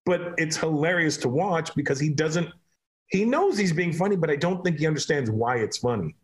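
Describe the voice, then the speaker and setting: Animated storytelling male comedian. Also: fairly high pitch, moderate pace. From Canada. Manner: animated storytelling, laughing often. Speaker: comedian guest. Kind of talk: casual chat.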